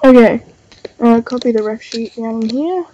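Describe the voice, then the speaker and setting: Chatting casually while drawing on her livestream, a young Australian woman sounds stuffy and nasal from being sick with a cold. Her warm voice sits on the high side and moves a little slowly. The desk-mic recording is rough, with slight background noise.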